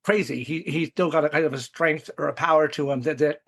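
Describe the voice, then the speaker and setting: A man's voice: on the high side, brisk, fairly bright tone, slightly rough. A man as a podcast guest, talking casually about reading, often stalling and repeating words while he thinks. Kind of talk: casual book-club chat.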